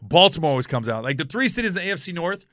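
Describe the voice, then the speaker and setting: A man's voice: on the high side, rapid-fire, no room sound, studio quality. A middle-aged man, a comedian hosting his own show, telling stories in casual chat and acting out the people in them. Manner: animated, acts out voices in his stories. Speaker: comedian and podcast host. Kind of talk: casual storytelling monologue.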